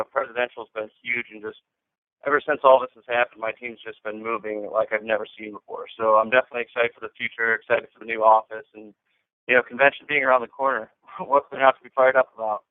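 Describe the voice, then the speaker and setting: Excited fast-talking man on the phone. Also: mid-range voice, dry recording. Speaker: team leader on a call. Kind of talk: casual phone chat. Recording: tinny dry phone line.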